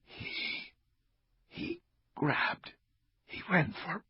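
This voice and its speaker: A man voicing a gravely wounded young female police officer who speaks in a faint, breathy whisper. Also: sits high, wildly swooping pitch, extremely slow, no echo, lo-fi sound, pitched above the performer's own voice, full character voice. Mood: struggling.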